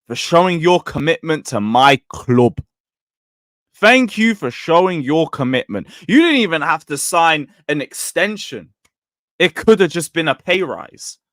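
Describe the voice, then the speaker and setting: Young guy ranting on a footy stream, pitch jumps all over, slow drawn-out delivery. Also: dry recording, studio quality. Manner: animated, mocking, swears freely, swings between loud and muttered. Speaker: football channel host. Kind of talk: casual livestream rant.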